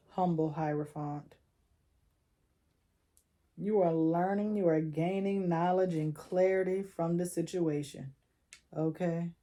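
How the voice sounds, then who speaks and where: In a lowish, mellow, warm voice, a young woman gives a relaxed and chatty tarot reading. She coaches the listener directly, dropping in slang along the way.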